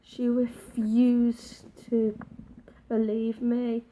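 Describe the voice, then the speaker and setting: Slow, mellow-voiced woman. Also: on the high side, completely flat delivery, slight background noise, poor audio. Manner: halting, emotional retelling with restarts. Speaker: vlogger. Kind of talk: personal storytime.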